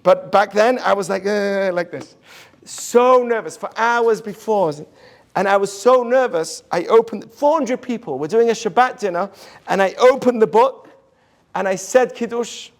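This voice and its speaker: A rabbi with a high voice, speaking at normal speed, gives an inspirational talk to an audience. He tells stories earnestly and drops to a hush for quoted lines.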